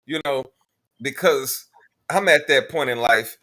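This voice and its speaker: A man's voice: mid-range voice, unhurried, sharp tone. A man hosting a casual call-in talk show, talking bluntly and profanely in a laid-back way.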